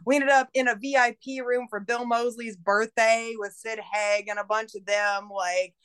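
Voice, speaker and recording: Guesting on a podcast, this independent filmmaker rambles in a casual, profane way with nonstop "like"s. Her voice is a little high, a bit bright, clear and resonant, with a steady tone and moderate pace.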